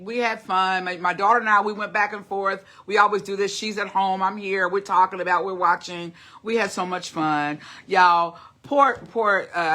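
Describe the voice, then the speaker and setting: A middle-aged woman chats loosely with her viewers in a livestream, rambling and calling them y'all. Her voice is bright and forward. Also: low voice. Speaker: vlogger. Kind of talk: casual livestream chat.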